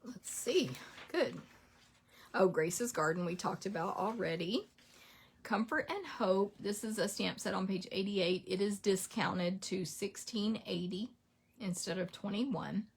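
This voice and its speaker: A chatty woman rattles through a list in a relaxed, casual rundown. Her fairly low voice has a gravelly, husky edge. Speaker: craft product demonstrator.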